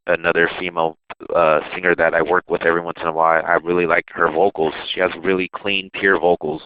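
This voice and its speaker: Low-voiced rapper on a tinny line. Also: male voice, smooth. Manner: loose, rambling, with restarts and laughs. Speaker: rapper and producer. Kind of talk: casual interview storytelling.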